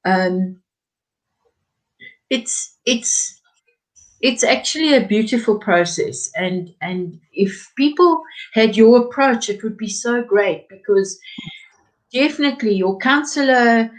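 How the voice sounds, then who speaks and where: A woman's voice: on the high side, expressive, slow pace, rough recording. Woman counsellor guest, affirming, kind of repeats herself. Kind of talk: casual conversation.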